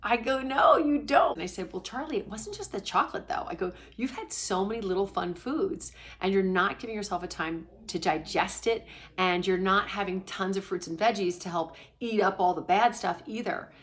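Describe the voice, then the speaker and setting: A middle-aged woman, a parenting coach for ADHD families, talks straight to the camera from her home in a casual vlog. Her voice is mid-range and medium-pitched at a moderate pace. She tells a story in a confiding, animated way, sometimes dropping to a hushed whisper.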